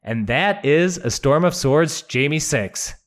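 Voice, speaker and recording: A man's voice: a little high, lively intonation, slow pace. A man hosting a podcast, recapping a book chapter with wry, profane asides and dramatic readings. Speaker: podcast host.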